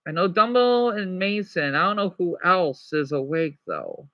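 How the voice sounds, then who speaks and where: A woman livestreaming casually, reading practice words aloud and chatting with her viewers, excitably exclaiming at surprises. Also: on the low side, a little slow, no echo. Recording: dull lo-fi sound.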